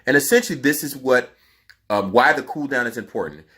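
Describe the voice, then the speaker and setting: A man's voice: mid-range voice, expressive, brisk, sharp tone. A man teaching singers a vocal cooldown in a casual, emphatic way, his voice sounding tired. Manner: emphatic, instructive. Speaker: vocal coach.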